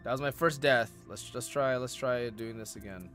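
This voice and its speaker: A man streaming a video game live, chatting casually with viewers and bursting into excited outbursts between mumbled asides. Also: medium pitch, moderate pace. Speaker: gaming streamer. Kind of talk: live gameplay stream chat. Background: faint game music.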